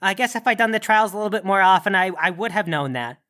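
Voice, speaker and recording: A man's voice: high voice, lively intonation, fast, sharp tone. A man voicing a grumpy old male holiday monster who blusters and complains. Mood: exasperated. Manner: blustering, exasperated.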